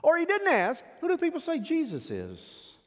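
A pastor preaching a sermon, swinging dramatically between loud declarations and hushed asides. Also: male voice, very high voice, wildly swooping pitch, moderate pace. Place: church sanctuary. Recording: long reverb of a church hall.

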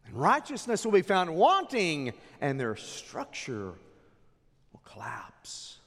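A man preaching a sermon as pastor, dramatic, swinging from loud declarations to hushed asides. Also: sits high, wildly swooping pitch, unhurried, in a large hall.

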